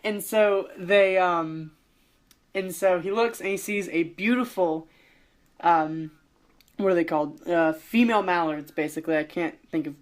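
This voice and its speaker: A man's voice: sits high, a little slow. A young man co-hosting a casual podcast, rambling through an improvised story with lots of fillers and restarts, joking along the way. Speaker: podcast co-host.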